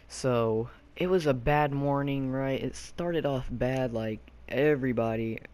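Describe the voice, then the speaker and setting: A man's voice: mid-range voice, steady tone, measured pace, darkish tone, clear, resonant tone. A young man from Arkansas telling a childhood story casually, rambling with lots of fillers and loose slang. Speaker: YouTube storyteller.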